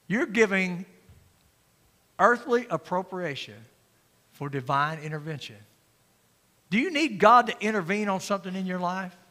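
An older man delivers a folksy, joking sermon. His voice sits high and rings bright. It echoes with the long reverb of a church sanctuary. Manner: folksy, joking, swings from loud preaching to quiet asides. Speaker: pastor.

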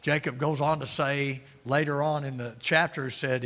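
Bright-voiced preacher in a reverberant hall. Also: male voice, medium pitch, fairly even intonation, normal speed, few pauses. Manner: emphatic, shifts between loud and quiet. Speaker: pastor. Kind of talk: sermon. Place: church sanctuary. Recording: long reverb of a church hall.

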